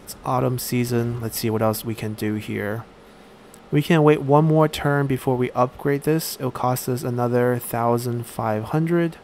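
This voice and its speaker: A man giving casual let's-play commentary while he plays a strategy game, thinking aloud and pausing often on fillers. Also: mid-range voice, steady tone, a little mellow, a little hiss or hum. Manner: thinks aloud, halting with frequent "uh".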